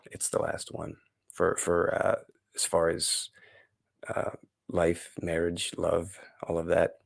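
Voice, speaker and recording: A man's voice: low-pitched, vocal fry, breathy edge, dry recording. A man hosting a casual solo live stream, rambling and gushing with lots of fillers and restarts.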